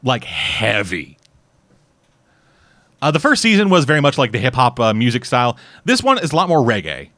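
A man's voice: mid-range voice, wildly swooping pitch, moderate pace, long pauses, fairly bright tone, no room sound. A Canadian man casually reviewing a series in rambling, profane chat full of restarts. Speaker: podcast host reviewing a series.

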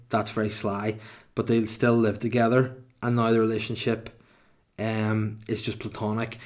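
A man's voice: lowish voice, a little mellow. A man in his thirties hosting a comedy podcast alone, rambling through irreverent, sweary asides. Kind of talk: comedic solo podcast monologue.

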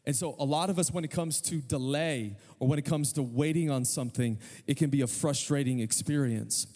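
A middle-aged male pastor preaching a sermon, telling a story with self-deprecating humor and quick asides. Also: mid-range voice, dark tone, in a large hall.

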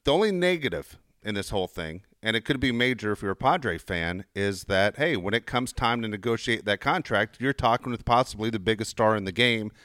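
Quick-talking man running a sports podcast segment. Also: on the low side, animated, a bit bright, dry recording, clean studio sound. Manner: quick talker, sets up sports topics. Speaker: podcast co-host. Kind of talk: casual chat.

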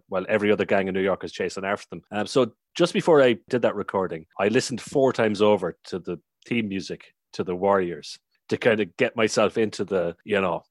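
A man hosting a podcast discussion, relaxed and a little self-deprecating. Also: lowish voice, no room sound, clean studio sound. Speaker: podcast host. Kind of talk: casual chat.

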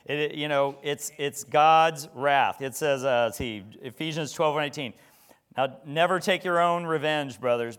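A man's voice: mid-range voice, fairly bright tone, clear, resonant tone. A middle-aged man preaching a sermon in a conversational way, with rhetorical questions and frequent restarts. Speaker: pastor.

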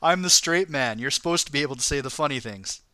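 A man's voice: a little high, lively intonation, fast, sharp tone, dry recording, soft background music. A man co-hosting a casual podcast, opening the show with upbeat announcer-style intros and reading listener mail. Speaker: podcast co-host.

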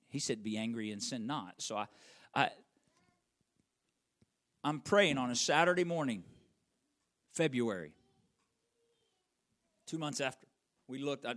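A middle-aged pastor with a medium-pitched voice preaches a sermon built around a personal story. He swings between loud, emphatic peaks and hushed lines that are almost whispered.

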